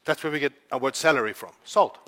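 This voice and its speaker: A man's voice: medium pitch, quick pace, bright, forceful tone. Fervent male preacher. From South Africa. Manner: fervent, conversational storytelling. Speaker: pastor. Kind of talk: sermon.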